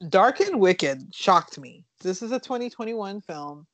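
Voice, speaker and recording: A woman's voice: mid-range voice, measured pace. A woman on a casual podcast walks through a horror film's plot in a loose, rambling way, peppered with fillers and the occasional curse. Her voice sounds dry and close, with no room echo. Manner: rambling, animated storytelling with fillers and swearing. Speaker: podcast co-host reviewing horror films. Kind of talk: casual chat, retelling movie plots.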